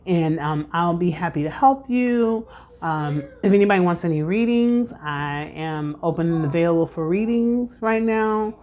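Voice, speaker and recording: A chatty woman in her thirties reads tarot cards at home in a casual vlog. Her voice sits a little low, and she talks in loose, filler-heavy, preachy runs. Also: moderate pace, darkish tone, lo-fi sound. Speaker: tarot reader.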